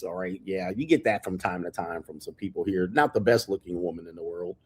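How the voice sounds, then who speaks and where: Low and a bit breathy, this American man's voice carries his live stream from an airport hotel room. Full of brash swagger, he brags about himself at length, drawing out title after title in casual, boastful stream chatter.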